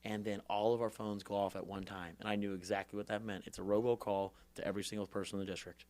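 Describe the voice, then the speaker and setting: In an animated storytelling interview, a former congressman in his 20s recounts his story as a podcast guest, imitating the people he quotes, swearing freely, and speaking with rally-speech energy. His voice is on the low side and darkish, fast, with little pitch movement.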